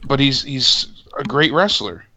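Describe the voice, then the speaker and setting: A man's voice: mid-range voice, animated, measured pace, pushed and bright, dry recording. A man co-hosting a podcast, joking around and swearing in casual chat. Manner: crude, joking, laughs often. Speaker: podcast co-host. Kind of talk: casual live-stream wrestling chat.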